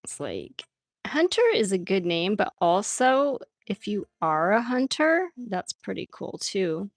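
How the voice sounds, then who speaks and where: A woman hosts an art livestream, drawing while chatting casually with viewers and laughing often as she reads their comments. Her medium-pitched voice is very animated but a little slow, captured in studio quality with no echo.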